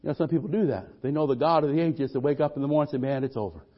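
A man delivers a fervent sermon in a church, asking the congregation for amens. His voice sits high for a man. The recording is dull and a little muffled. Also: fairly even intonation, rapid-fire. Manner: fervent, call-and-response. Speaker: preacher.

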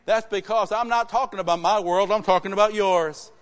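A preacher acting out a jubilant old preacher, his voice lifted higher and louder than his own. Each line builds with growing triumph. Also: brisk, lightly acted. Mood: exultant. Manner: exultant, rising, loud declarations. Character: joyful older male preacher, triumphant.

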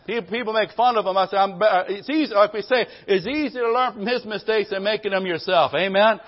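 A man preaches a live church sermon with fervor, pausing to call for amens from his listeners. His voice sits high. The audio is dull and lo-fi, like a live stream of a church service. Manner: fervent preaching, calls for amens. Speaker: pastor.

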